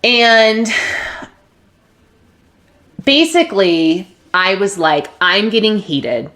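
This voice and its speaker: A woman podcast host candidly telling a personal story, open and emotional, with restarts and soft laughs. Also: medium pitch, expressive, drawn-out words.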